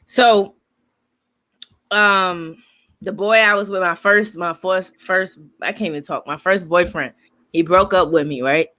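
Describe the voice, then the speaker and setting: A young woman co-hosting a casual group chat, telling a story in an animated, slangy way with frequent laughter. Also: lowish voice, unhurried. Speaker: co-host.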